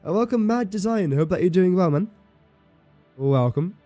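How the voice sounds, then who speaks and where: Mellow-voiced man thinking aloud while gaming. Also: high-pitched, animated, moderate pace, no room sound, soft background music. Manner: thinks aloud, counts and does sums under his breath, self-mocking. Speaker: game streamer. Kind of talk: casual live-stream commentary.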